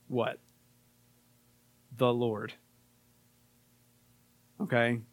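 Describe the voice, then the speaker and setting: A man giving a casual sermon in an easygoing, conversational way, dropping in fillers as he talks. His voice sits at an ordinary pitch for a man. The recording is close and dry, with no room echo. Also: moderate pace, long pauses. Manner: conversational, relaxed, with frequent fillers. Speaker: pastor.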